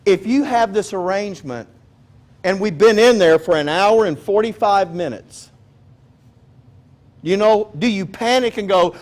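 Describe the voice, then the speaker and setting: A man's voice: high-pitched, lively intonation, normal speed. A man preaching a sermon in a conversational, joking way, often asking his listeners questions. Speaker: pastor.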